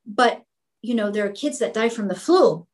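A woman's voice: a little high, animated, normal speed, poor audio. Fired-up, emphatic woman school owner. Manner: emphatic, repeats words when fired up. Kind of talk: impassioned interview answers.

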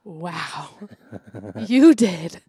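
A woman's voice: on the low side, expressive, drawn-out words, dark tone, slightly rough, no echo, clean studio sound. A young woman co-hosting a casual podcast, telling stories and acting out quotes with frequent laughter. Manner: chatty storyteller, acts out quotes, laughs often. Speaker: podcast co-host and teacher.

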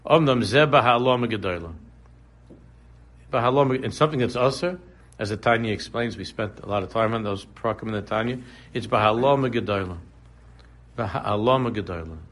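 A man's voice: lowish voice, normal speed, a bit bright. A man teaching a casual religious class, talking conversationally, repeating phrases and drifting into humorous examples. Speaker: Torah teacher.

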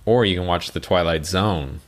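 A young man co-hosting a podcast in casual chat, telling stories with swearing and sudden high mocking voices. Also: normal speed. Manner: animated storytelling, swearing, jumps into high mocking voices for quotes. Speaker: podcast co-host.

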